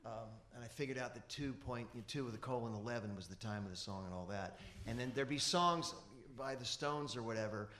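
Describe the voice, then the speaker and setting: A man from Kentucky, a musician telling animated stories on stage in front of an audience. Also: mid-range voice, a little fast, hardly any pauses. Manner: animated anecdotal storyteller. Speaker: musician and guest. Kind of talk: storytelling on a conference stage. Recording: echoey room.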